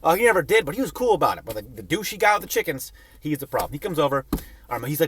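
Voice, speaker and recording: A man's voice: fairly high pitch, big pitch swings, fast, a bit bright, husky. A young man telling a funny personal story in a rambling, profane, self-mocking way. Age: young adult.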